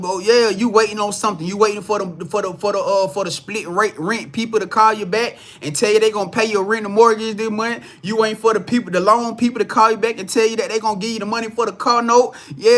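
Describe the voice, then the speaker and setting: A man holds forth as a spiritual reader on a live stream. His voice sits a little higher than most men's, and he swears freely while calling the viewers y'all in a loose, preachy way. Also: fairly bright tone. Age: adult parent. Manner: profane, blunt, preachy, addresses viewers as y'all. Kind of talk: casual spiritual talk to a live audience.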